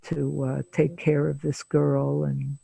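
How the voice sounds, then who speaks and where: A woman in her seventies, a psychotherapist, telling a case story slowly and deliberately in an interview, with frequent pauses. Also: deep voice, little pitch movement, vocal fry, dark tone, slightly rough, no echo. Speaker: psychotherapist guest.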